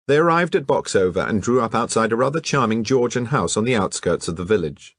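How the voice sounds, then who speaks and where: A man reading a mystery novel aloud in a measured, expressive way. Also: on the low side, dry recording, clean studio sound. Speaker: audiobook narrator. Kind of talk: scripted narration.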